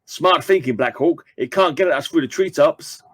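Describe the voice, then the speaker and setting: A man's voice: on the high side, a little fast, no echo. A man reading an old comic book aloud and dropping chatty asides to his viewers. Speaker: comic book reader and channel host.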